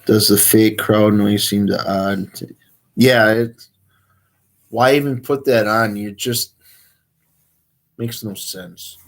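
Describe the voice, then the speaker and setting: A man hosts a relaxed livestream, chatting with viewers in a rambling, easygoing way. His voice sits a little low, and he takes his time, drawing out his words and leaning on plenty of fillers. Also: takes it slowly, pauses often. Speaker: outdoors livestream host. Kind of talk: casual livestream chat.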